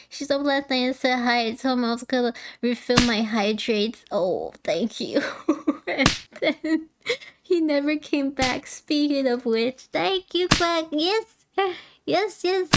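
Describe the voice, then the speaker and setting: A woman gives casual let's-play commentary in a slightly high voice, giggling and thinking aloud as she plays. She talks at an unhurried, drawn-out pace. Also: creaky, background noise. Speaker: streamer playing a video game.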